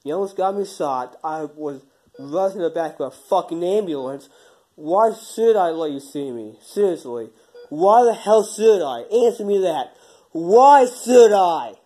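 A young man playing a bitter, hot-tempered man who was shot and now lies in hospital, yelling accusations in an amateur phone-call drama. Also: a little high, moderate pace, lightly acted. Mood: furious. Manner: angry, shouting, accusing.

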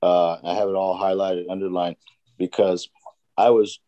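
A man with a low, mellow voice shares stories in an earnest, easygoing way during a church discussion. The sound is dry and close, with no room around it, and he often acts out the conversations he recounts. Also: level tone, normal speed, dry recording, muffled recording. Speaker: Bible study participant.

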